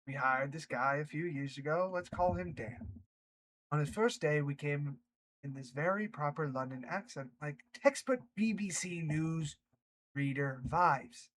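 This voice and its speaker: A man's voice: fairly high pitch, a little slow, fairly bright tone, slight background noise, rough recording. A man reading online workplace stories aloud, breaking off for chatty reactions. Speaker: reddit story narrator.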